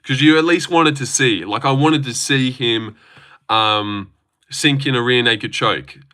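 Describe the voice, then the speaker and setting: A man's voice: mid-range voice, a little slow, pushed and bright. A man streaming live, answering chat in a blunt, opinionated, casual way and swearing often, while putting on a fake voice. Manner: says he is using a fake voice.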